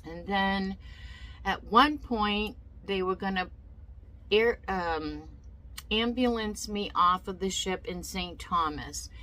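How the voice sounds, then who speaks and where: A woman's voice: medium pitch, slow pace, pushed and bright, poor audio. A woman telling a personal story in a casual vlog, emotional and indignant, often repeating herself. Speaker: vlogger.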